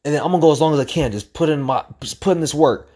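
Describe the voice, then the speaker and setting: A man's voice: fairly high pitch, racing, warm tone, voice pushed up, lightly acted. A man doing an upbeat gym guy. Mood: hyped. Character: laid-back male gym stranger coaching.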